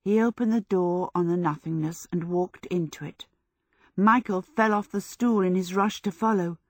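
Here a fairly low-pitched woman narrates an audiobook, following a script and telling the story in an even, measured way. The studio-quality recording carries no room sound.

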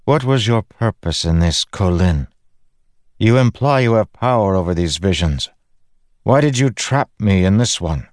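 A defiant queen with a sharp, scornful tongue, her words snapped out high and hard, as a deep-voiced male reader puts her on. The reading is dry and close, with no room sound around it. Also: animated, a little slow, dry recording. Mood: haunted, accusing.

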